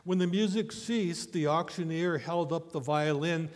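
Male pastor, slow deliberate sermon delivery, slightly high voice, church reverb. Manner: measured storytelling with rhetorical questions. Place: church sanctuary. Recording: long church hall reverb.

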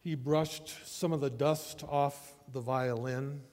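A man pastor reading scripture and preaching a sermon, telling a story in a measured way and asking rhetorical questions. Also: medium pitch, fairly even intonation, darkish tone. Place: church sanctuary. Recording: long church hall reverb.

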